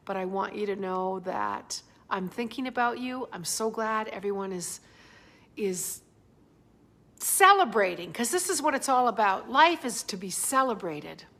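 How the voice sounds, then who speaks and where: A woman's voice: mid-range voice, animated, a little slow, fairly bright tone. A woman from Alberta sending a casual, rambling and upbeat video greeting. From Alberta, Canada.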